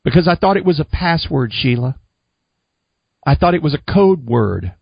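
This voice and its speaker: A man's voice: on the high side, expressive, normal speed, creaky, husky, no room sound, lo-fi sound. A man earnestly telling his faith testimony to a host in a casual, preachy storytelling way.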